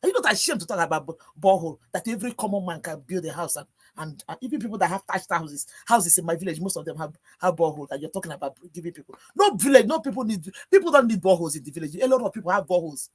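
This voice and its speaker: A lowish, slightly rough female voice speaks very fast with lively intonation and few pauses. She's a Nigerian-accented panelist on a live-stream video call, delivering an angry, exasperated rant packed with rhetorical questions.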